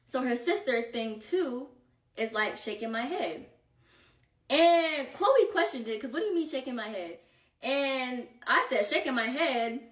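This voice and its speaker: Young woman host, casual slangy storyteller, higher pitch, echoey room sound. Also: fairly bright tone, far from the mic. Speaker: podcast host. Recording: roomy echo, set back from mic.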